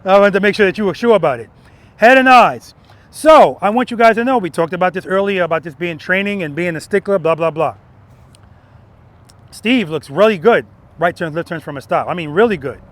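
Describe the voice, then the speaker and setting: A male motorcycle instructor speaking outdoors in a parking lot, with a fairly high voice. He coaches emphatically and repeats his main points. He often drops in a quick "right?" to check that his students are following. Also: dry recording. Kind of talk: outdoor riding lesson.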